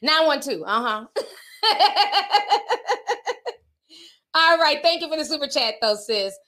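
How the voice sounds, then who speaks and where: Her voice sits high and runs a little fast as this middle-aged woman from the northern US hosts a livestream. Between casual stories she reads out viewer comments, staying chatty and acting out quoted voices with animation.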